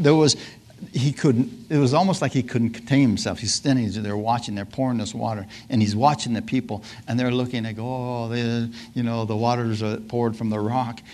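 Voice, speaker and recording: Guy preaching a sermon, mid pitch, lots of hallelujahs and amens, laughs a lot. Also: moderate pace. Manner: call-and-response asides, frequent hallelujahs and laughs; acts out scripture scenes in lively voices.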